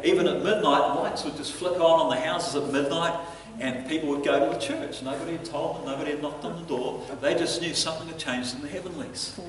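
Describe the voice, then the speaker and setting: A man preaching a sermon as pastor, telling stories in an animated way and chuckling between lines. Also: on the high side, slight background noise. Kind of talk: storytelling sermon. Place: church hall. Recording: echoey church hall from a distance.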